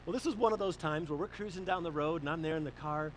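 A man with a high-pitched voice preaching a sermon. He talks in a lively, conversational way and pushes up hard on his questions. A faint hum sits behind him. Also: fast, rough recording. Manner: animated storytelling, rising emphasis on questions.

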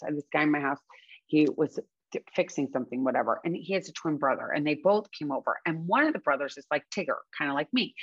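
A woman's voice: deep voice, slightly rough, dry recording. Chatty, frank woman on a dull, dry mic. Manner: earnest, chatty, frank, swears casually, repeats points for emphasis. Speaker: recovery speaker sharing advice. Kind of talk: casual motivational talk to camera.

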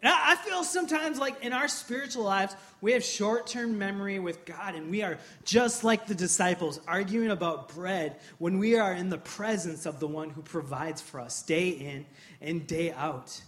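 A man in his thirties preaching a sermon in church, telling funny personal stories and then acting out scenes with loud, impassioned energy. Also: high-pitched, normal speed. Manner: humorous storytelling, builds to loud impassioned acting-out. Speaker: pastor.

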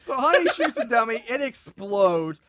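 High bright-voiced man recapping a movie. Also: normal speed, dry recording, clean studio sound. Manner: animated, sarcastic, swears freely. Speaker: podcast host recapping a movie. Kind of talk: casual comedic movie recap.

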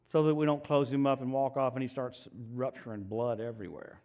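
A male pastor preaching a sermon in an animated, joking way, swinging from loud outbursts to soft asides. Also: medium pitch, moderate pace.

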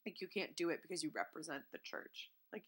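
A woman co-hosting a podcast in casual chat, animated and talkative, acting out quotes in silly voices. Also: sits low, quick pace, husky. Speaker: podcast co-host.

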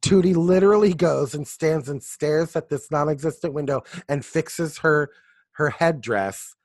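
A man's voice: a little high, a little slow, darkish tone, no room sound. Male podcast co-host, wry and sarcastic, casual banter, dry close sound.

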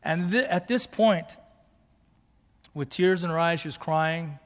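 Man, pastor, storytelling sermon, slightly high voice, long church reverb. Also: unhurried. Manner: conversational, building to fervent emphasis; mixes in Japanese phrases.

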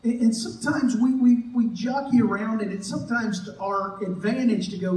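High-voiced pastor preaching in an echoey church. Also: male voice, moderate pace, few pauses, a little mellow, recorded from a distance, slight background noise. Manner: conversational, joking, acts out quoted voices. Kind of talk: sermon. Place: church sanctuary. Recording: echoey church hall, mic from afar.

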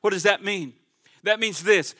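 A fervent male pastor preaches to his congregation in a church sanctuary. His voice sits high and bright, with a bright, ringing tone. He swings from loud, emphatic proclamations to hushed, conversational asides. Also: normal speed. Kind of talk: sermon.

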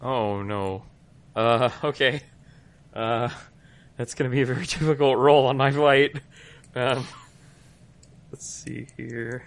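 A man playing a tabletop game, expressive, dropping to low mutters and then jumping to loud outbursts. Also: slow pace, long pauses. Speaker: player. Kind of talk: casual game talk.

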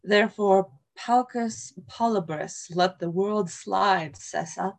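A woman's voice: medium pitch, slow pace, creaky. A woman reading the part of a drunk, boastful male tinker in a Shakespeare play reading, blustering and defiant.

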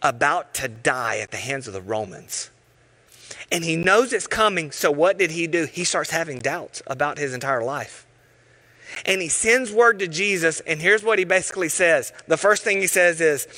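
Male pastor, sermon delivery, bright voice, animated storyteller who drops to quiet intensity. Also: fairly high pitch, normal speed. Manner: animated storytelling, acting out voices, dropping to hushed tones.

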